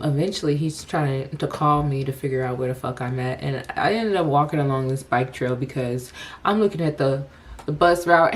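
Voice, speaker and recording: A young woman telling a personal story to the camera, casual and profane, breaking into laughter often. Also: a bass voice.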